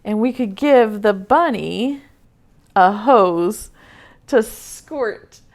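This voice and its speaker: A woman teaching preschool over a video call, reading a picture book aloud in a gentle, playful way and asking the children questions. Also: medium pitch, animated, drawn-out words.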